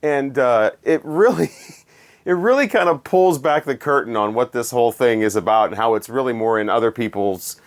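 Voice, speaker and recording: A man's voice: mid-range voice, normal speed. Sarcastic man reviewing albums. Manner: sarcastic, dismissive, digressive. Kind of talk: casual spoken review monologue.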